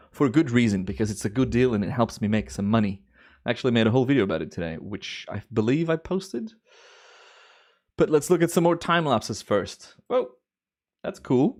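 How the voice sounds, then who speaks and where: A young man with a fairly low voice chats in a relaxed, rambling way on a live stream. He thinks out loud and drifts easily from one remark to the next. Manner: relaxed, chatty, thinks aloud. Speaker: livestream host. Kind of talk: casual live-stream chat.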